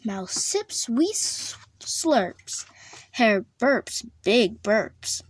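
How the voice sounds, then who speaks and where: A woman reads a children's picture book aloud. She is slow and deliberate, lingering over each line. Her voice sits a little high and stays expressive throughout. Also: breathy edge, no echo. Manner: slow, expressive, drawn-out reading. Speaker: storyteller. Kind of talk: storybook read-aloud.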